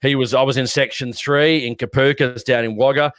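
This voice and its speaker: An Australian man co-hosting a podcast tells a rambling, lively story in a relaxed chat. His voice sits at a middle pitch. The sound is dry and close. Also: fairly quick, no echo. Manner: rambling, animated storyteller who acts out shouting. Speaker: podcast co-host.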